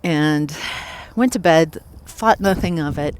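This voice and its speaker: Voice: medium pitch, takes it slowly, slight background noise. A psychic medium casually telling a first-person ghost story, reflective and loose, with filler words.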